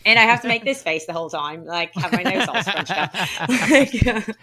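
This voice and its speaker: A woman's voice: mid-range voice, lively intonation, normal speed, over a noisy crowd. A woman co-hosting a podcast in casual chat, talking loosely with lots of fillers and laughing often. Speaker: podcast co-host.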